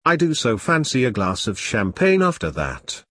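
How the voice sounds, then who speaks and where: A man's voice: medium pitch, wildly swooping pitch, moderate pace, a bit bright, breathy edge, dry recording, studio quality, full character voice. A man voicing a languid aristocratic lady with a posh drawl in a storybook reading.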